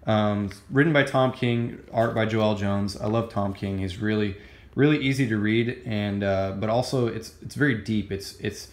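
A man's voice: on the low side, normal speed, roomy sound. A man casually reviewing a comic book, rambling and gushing with many fillers and restarts. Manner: excited, gushing.

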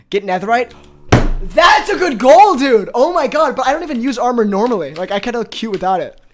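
A man streaming a game live, chatting with viewers, excitable and quick to laugh. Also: very high-pitched, slight background noise. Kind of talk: live gaming stream chat.

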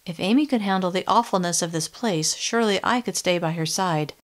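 Woman, audiobook narrator, first-person story, steady, measured, lowish voice.

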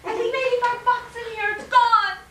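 A woman's voice: fairly even intonation, normal speed. A woman acting the part of a frantic, rattled wife whose home was just robbed, in a class scene on stage. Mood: distraught. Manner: shrill, rattled, defensive. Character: frantic middle-aged wife, upset after a burglary. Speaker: acting student. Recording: roomy and distant, faint noise.

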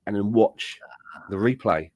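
A man's voice: on the low side, measured pace, darkish tone, dry recording. A man co-hosting a casual podcast, telling rambling, easygoing stories. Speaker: podcast co-host. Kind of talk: casual chat.

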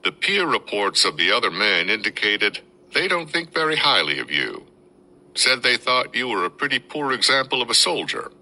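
A man voicing a calm, measured male sergeant major with a rural twang. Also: medium pitch, voice pushed up, full character voice, rough recording. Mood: probing.

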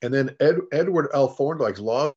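A middle-aged fire service leader and author, appearing as an interview guest, tells stories in conversation at a moderate pace. His voice is average in pitch for a man and slightly rough, and he animatedly acts out the people he quotes while often restarting his sentences. The recording sounds dull and lo-fi.

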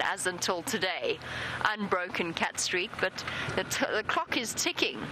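A woman presenting live wildlife commentary as a safari guide from an open vehicle, chatty and playful, cooing softly at animals. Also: medium pitch. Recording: outdoor vehicle and wind noise.

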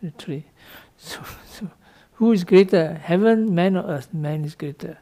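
A high, warm voice, a little slow, belongs to a Buddhist monk teaching students about the dharma. His English is loose and non-native; he asks "no?" often to confirm they follow and laughs lightly in a playful way.

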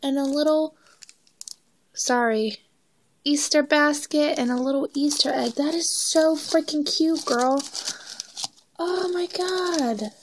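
High-voiced, gushing woman vlogger. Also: slow, pauses often, slight background noise, poor audio. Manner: gushing, excitable, chatty. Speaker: crafting vlogger. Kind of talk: casual unboxing chat. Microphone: phone.

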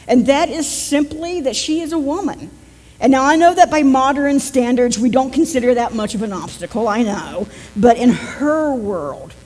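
A woman's voice: fairly high pitch, a little mellow, big-room sound. A woman pastor with a West Virginian accent, giving a conversational sermon and joking with her congregation. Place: church sanctuary.

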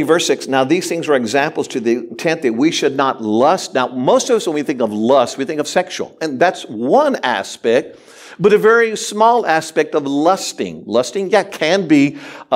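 A man preaching a sermon as pastor, animated and humorous, addressing the congregation directly. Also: on the high side. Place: church sanctuary.

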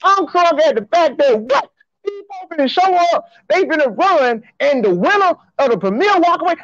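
Hyped high-voiced man hollering to fans. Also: sing-song, normal speed, fairly bright tone, no echo, lo-fi sound. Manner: hyped, hollering, slangy and repetitive. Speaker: host of a track and field show. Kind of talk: excited livestream talk to fans.

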